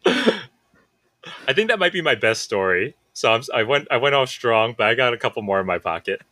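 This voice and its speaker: Guy in his 30s telling a funny story on a podcast, bright punchy voice, dry close sound. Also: mid-range voice, moderate pace, no room sound. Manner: animated storyteller, acts out quoted friends. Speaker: podcast co-host. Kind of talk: casual storytelling chat.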